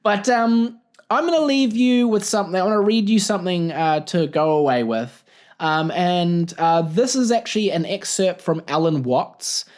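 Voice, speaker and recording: Goofy New podcast host, animated. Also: male voice, high voice, normal speed. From New Zealand. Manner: goofy, rambling, laughs at his own jokes. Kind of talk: casual solo podcast monologue.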